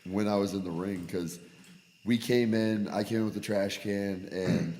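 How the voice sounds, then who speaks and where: Young man, low voice, animated storyteller, echoey garage, faint hiss. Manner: animated storyteller, quick bursts when excited. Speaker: podcast co-host, wrestler. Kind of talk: casual chat.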